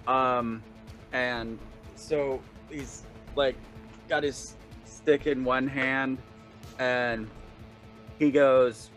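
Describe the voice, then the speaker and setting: Slow, hesitant man playing a tabletop game. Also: mid-range voice, fairly even intonation, sharp tone, soft background music. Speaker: player. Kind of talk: tabletop role-play.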